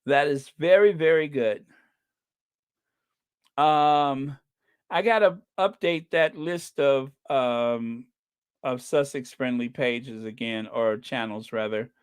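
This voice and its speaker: A livestream host talking slowly and casually into a desk mic while reading the chat aloud. The host laughs often and draws out long strings of no's. The sound is dry and close, with no room echo. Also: mid-range voice, clean tone. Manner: chatty, laughs often, drawn-out repeated no's.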